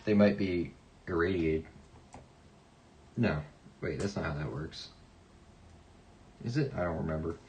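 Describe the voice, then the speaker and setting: Low-voiced man casually chatting on stream. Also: a little slow, pauses often, slight background noise, low-quality recording. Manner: mutters coin dates softly, chatty asides to viewers. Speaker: coin collecting livestream host. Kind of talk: casual live chat.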